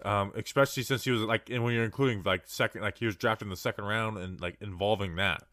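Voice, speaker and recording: A man's voice: fairly low pitch, fast. A young man co-hosting a casual sports talk show, rambling through stats with lots of restarts. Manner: rambling, restarts often, energetic about stats. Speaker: podcast co-host.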